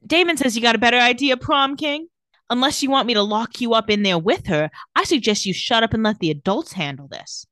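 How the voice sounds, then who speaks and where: A woman's voice: fairly high pitch, expressive, brisk, a bit bright, no room sound, studio quality. A woman in casual chat, recapping TV scenes and acting out the characters' lines. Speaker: podcast co-host recapping a TV episode.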